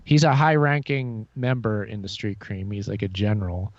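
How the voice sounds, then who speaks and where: A man hosting a podcast in casual chat, hesitant, with fillers and quiet laughs. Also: lowish voice, steady tone, moderate pace, no echo, dull audio. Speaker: podcast host.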